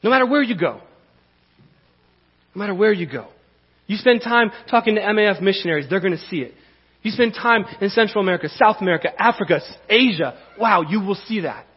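A man preaching a sermon as pastor, in a conversational, animated way with repeated phrases. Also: sits high, fast talker, slightly rough, big-room sound, muffled recording.

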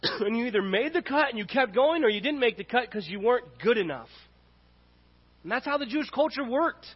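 A man's voice: extremely high pitch, expressive, a little fast, husky. A man preaching a sermon as pastor, earnest and repetitive in his cadence. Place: church sanctuary. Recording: dull audio in a reverberant hall.

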